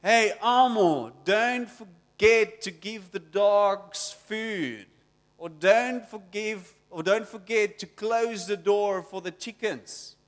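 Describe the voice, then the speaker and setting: A man voicing a middle-aged mother shouting reminders as she walks out the door, loud and drawn-out. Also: sits high, long reverb tail.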